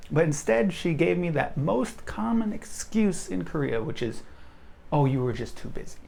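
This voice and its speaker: Blunt young man, gravelly. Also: high-pitched, very animated, fairly quick, a little mellow. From United States. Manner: blunt, frank, self-deprecating. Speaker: vlogger. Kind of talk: casual direct-to-camera rant.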